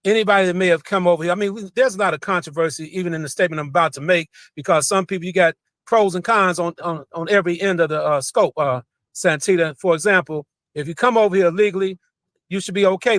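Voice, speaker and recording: High bright-voiced man as a talk show guest. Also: fast, no room sound. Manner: frequent "uh" fillers, emphatic repetition. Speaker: guest commentator. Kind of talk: remote talk show discussion.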